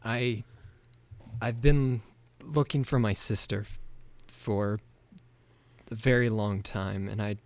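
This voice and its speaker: A man's voice: lowish voice, fairly even intonation, slow pace, long pauses, no echo. A man playing a tabletop role-playing game, talking hesitantly with many restarts. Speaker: player. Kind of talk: casual tabletop role-play.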